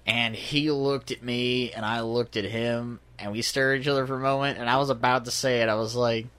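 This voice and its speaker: A young man in casual, profane banter, animated and swearing constantly as he acts out his father's lines. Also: medium pitch, fairly quick, smooth.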